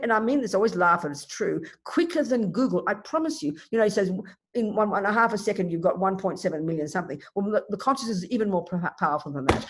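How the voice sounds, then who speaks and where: A woman, a Buddhist nun, teaching a dharma talk in an emphatic, animated way with vivid everyday examples. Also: on the low side, slightly rough. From Australia.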